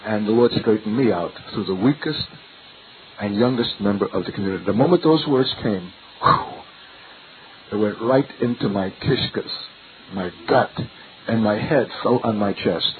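A man's voice: lowish voice, moderate pace. Older man, sermon, earnest searching rhetorical questions, tinny lo-fi sound, faint hiss. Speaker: preacher.

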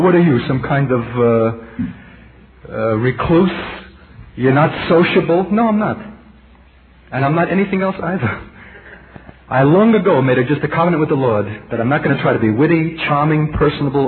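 A middle-aged man preaching a sermon, emphatic and intense, dropping to a hush and rising again, with rhetorical questions to the congregation. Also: mid-range voice. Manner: intense, emphatic, swings between loud and hushed. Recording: tinny lo-fi tape with faint hiss.

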